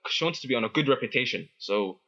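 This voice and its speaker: A young man tells a story in casual chat. His voice is bright and a little husky, and he trips over his words and laughs as he goes. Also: mid-range voice, quick pace, muffled recording. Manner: animated, laughing, many restarts. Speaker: guest.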